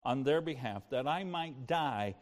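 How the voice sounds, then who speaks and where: An older man preaching a sermon as pastor, moving between impassioned preaching and soft, personal storytelling. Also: mid-range voice, animated, measured pace, in a large hall.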